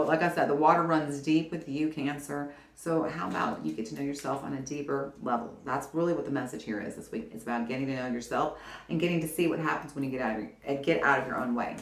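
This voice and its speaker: A woman giving a casual weekly tarot reading to camera, animated and encouraging, speaking straight to the viewer. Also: rumbling low, fast talker. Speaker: tarot reader. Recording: roomy echo.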